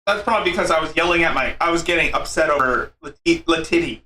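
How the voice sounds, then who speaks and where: A man's voice: a little high, fast talker, bright, forceful tone. A man hosting a live stream commentary, mocking and sarcastic, saying he is losing his voice.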